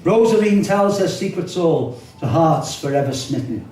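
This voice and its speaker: Older Scouse poet, rhythmic wry recital, heard from off-mic. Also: male voice, on the high side, animated, normal speed, a little mellow, far from the mic, a little hiss or hum. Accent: Liverpool. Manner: rhythmic, wry delivery with spoken asides. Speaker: poet performing his own work. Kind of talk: live rhyming poetry recital. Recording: echoey hall, voice from off-mic.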